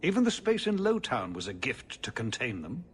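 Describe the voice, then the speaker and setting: Brief: a tired, cautious older ruler, formal and measured, lively pitch, faint noise behind. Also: male voice. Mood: weary. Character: weary older male city ruler, diplomatic and cautious. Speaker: city ruler addressing the hero. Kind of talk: video game dialogue.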